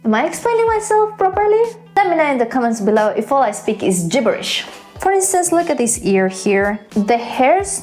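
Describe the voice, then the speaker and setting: A woman's voice: fairly high pitch, a little mellow. Playful woman teaching drawing. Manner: chatty, playful, self-mocking asides. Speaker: art tutorial host. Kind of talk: casual drawing tutorial.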